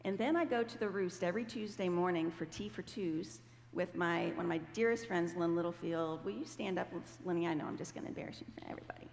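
A woman telling a testimony story to a congregation in a conversational, animated way, sometimes acting out the voices of the people she quotes. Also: on the low side, fast talker, gravelly, few pauses. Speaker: guest speaker. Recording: hall reverb with faint background noise.

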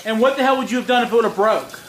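A man's voice: extremely high pitch, rapid-fire, background noise. A man, the son filming his father, arguing back in an exasperated, half-laughing way. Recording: echoey room.

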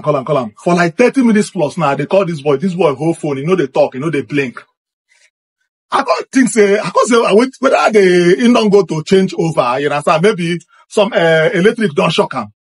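Husky Nigerian man telling a story. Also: a little high. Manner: excited, repetitive, acts out what happened. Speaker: storyteller recounting a personal experience. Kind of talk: animated first-person storytelling.

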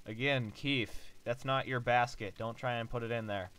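A man giving casual commentary on a basketball video game he is playing, joking, swearing and breaking into loud outbursts. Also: medium pitch, normal speed, clean tone, low-quality recording. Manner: excitable, joking and profane, with sudden loud outbursts. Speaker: let's play gamer.

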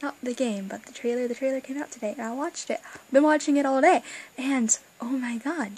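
Young woman fangirling into her cam, kinda high voice, rambly and gushy, gets all excited. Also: brisk, a little hiss or hum, low-quality recording. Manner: gushing, rambling, with bursts of excitement and asides. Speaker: fan vlogger. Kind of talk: excited casual fan chat.

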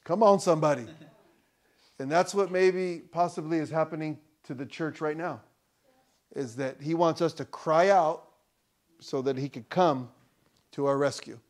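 A male pastor preaching a sermon in church, conversational with loud emphatic peaks and joking asides. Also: on the high side, a little slow, long pauses.

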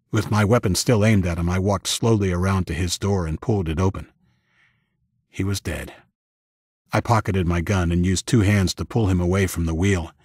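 A man with a deep, slightly husky voice reads a first-person audiobook in a steady, even way. The sound is dry and close, with no room around it. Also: no room sound. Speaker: audiobook narrator.

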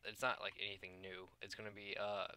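A young man talks through his building game in a loose, rambling way, stopping often to hunt for words. His voice is very bright and clean, set a little low. He sounds tired, and keyboard clicks come from a desk mic. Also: level tone, brisk, clean tone. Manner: rambling, loses his train of thought, many fillers. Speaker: gaming YouTuber. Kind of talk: casual gameplay commentary.

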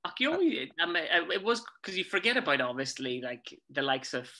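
A Northern Irish man, a musical theatre actor, telling animated stories in a casual interview and chuckling often. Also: a little high, fairly quick. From Northern Ireland.

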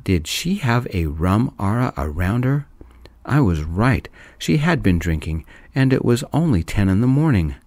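Soft-spoken male narrator, very low deep voice, dry close sound. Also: big pitch swings, a little slow, no echo. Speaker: storyteller.

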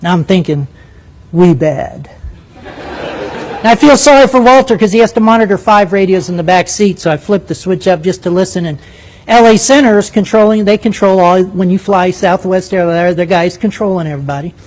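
Animated older male storyteller, high voice. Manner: animated, vivid storyteller with quick asides. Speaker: former military pilot and speaker. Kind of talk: live storytelling talk to an audience.

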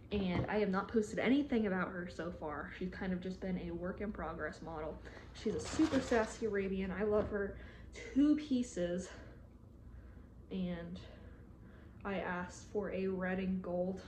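A woman talking casually to her viewers during an unboxing, bubbling over with excitement and gasping at every new find. Her voice sits at an ordinary middle pitch. A clear hiss of noise runs under the home recording. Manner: gushing, excitable, many gasps and "oh my gosh". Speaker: model horse customizer. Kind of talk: casual unboxing chat to camera.

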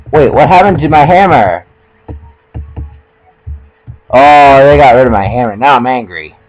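A man's voice: medium pitch, animated, measured pace, long pauses, faint music behind, rough recording. A young man giving casual, joking commentary while playing a video game, often stumbling over his words and poking fun at himself. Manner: joking, self-mocking, trips over words. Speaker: let's play gamer.

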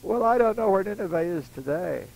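Older male preacher, folksy sermon storyteller, high and very animated delivery. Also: fairly quick, creaky, rough recording. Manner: acts out voices in his stories, chuckling asides.

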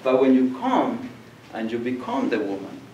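A man's voice: mid-range voice, moderate pace, highs cut off. Older man lecturing in echoey room. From Colombia. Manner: animated storyteller, acts out voices and laughs. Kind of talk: public lecture with storytelling. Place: lecture hall. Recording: echoey room, distant mic, faint noise.

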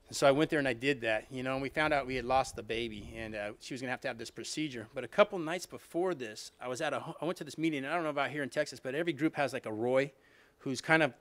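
A man's voice: medium pitch, very fast, fairly bright tone. A middle-aged man telling a personal recovery story to a live audience, chatty and loose, with restarts and a lot of "you know what I mean". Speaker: alumni reunion speaker.

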